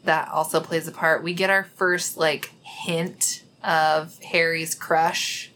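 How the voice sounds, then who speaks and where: A woman's voice: deep voice, little pitch movement, a bit bright, slight background noise. A woman co-hosting a book podcast, recapping the story in an easygoing, casual way with plenty of fillers. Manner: easygoing, lots of fillers and quick agreement. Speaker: podcast co-host.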